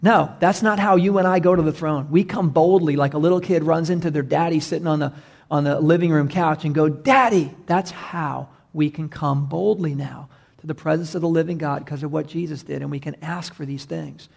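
A man's voice: on the high side, fairly even intonation, a little fast, creaky, darkish tone. A male pastor preaching a sermon in an earnest way, building emphasis with repeated phrases.

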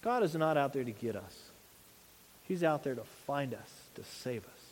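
A man's voice: medium pitch, lively intonation, moderate pace, in a large hall, slight background noise. A man preaching a sermon in an earnest, conversational way, asking his listeners rhetorical questions. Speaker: pastor.

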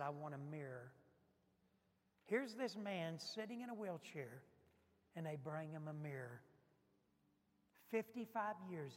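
A male pastor delivers a sermon with a notably high voice. He presses his points by repeating them, swinging from loud emphasis to near-hushed asides. The sound carries a long reverb from a large church hall.

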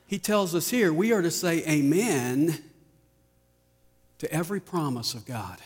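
A man preaching a sermon as pastor, slow and deliberate, often letting his voice fall soft at the ends of lines. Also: fairly high pitch, animated, husky. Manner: slow, deliberate preaching with dramatic drops in volume. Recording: long reverb of a large hall.

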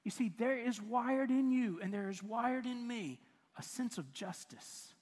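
An older male pastor tells a sermon story with wry, lively humor. His voice sits high for a man. It rings out with the long reverb of a large sanctuary. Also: a little slow. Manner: animated, self-mocking storytelling with chuckles.

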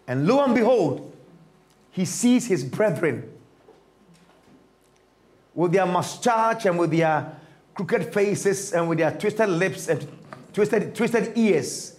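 A man preaching a sermon, retelling a scripture story dramatically and swinging from loud to hushed. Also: high voice, roomy sound.

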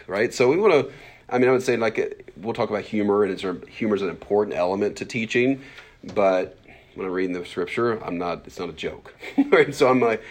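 A man in his mid-forties with a very low voice, teaching a Bible class. He talks quickly and loosely, with plenty of fillers, and keeps breaking into little acted-out voices to make his points. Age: 40s. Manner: fast-talking, animated, lots of fillers and acted-out asides.

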